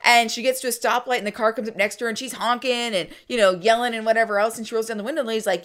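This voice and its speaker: A woman's voice: fairly high pitch, racing, few pauses. A woman co-hosting a podcast, telling stories casually and animatedly, acting out what people said and saying "like" often. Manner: animated, acts out quoted speech, frequent "like". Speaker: podcast co-host. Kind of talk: casual conversational storytelling.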